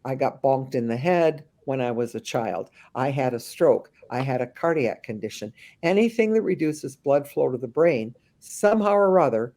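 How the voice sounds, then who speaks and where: A woman working as a memory care consultant, answering interview questions with lively acted-out anecdotes and frequent restarts. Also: rumbling low, moderate pace, few pauses. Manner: animated storyteller, slips into voices of the people she describes; frequent restarts and thinking aloud.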